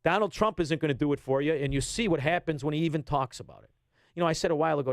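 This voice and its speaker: Man, 50s, blunt ranting radio guest, fairly high voice, dry close sound. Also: expressive, fast, no room sound. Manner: blunt, ranting, swings between loud and low. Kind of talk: heated political radio talk.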